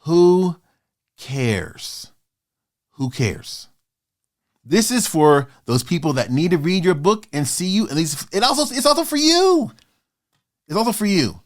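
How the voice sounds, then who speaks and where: A man in his fifties hosting his own motivational vlog, talking in a passionate, fired-up way with sudden loud bursts. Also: high-pitched, sing-song, moderate pace. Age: 50s. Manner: acts out doubters in quoted asides. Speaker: author and channel host.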